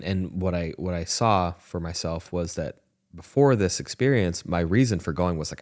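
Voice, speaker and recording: Deep-voiced guy hosting a podcast, earnest, tells a personal story, restarts a lot. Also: moderate pace, darkish tone. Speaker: podcast host. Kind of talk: candid conversation.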